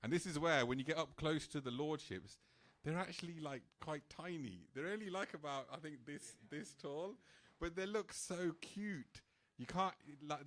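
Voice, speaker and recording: Animated man telling a story. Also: medium pitch. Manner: animated storytelling with frequent "like" fillers and laughs. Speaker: speaker at a temple program. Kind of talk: casual storytelling talk.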